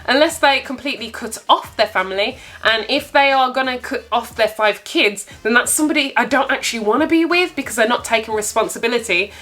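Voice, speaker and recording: A young woman tells a dating story to her viewers. Her voice is bright and a touch high. She sounds candid and animated, often breaking into laughs. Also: brisk, few pauses. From United Kingdom. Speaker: vlogger. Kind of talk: casual storytime.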